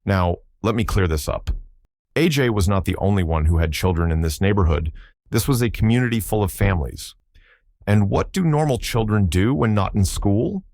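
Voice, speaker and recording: A man reads documentary narration in a measured, explanatory way. His voice is very deep. The recording is dry and close. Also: animated, darkish tone, no echo. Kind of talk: scripted narration.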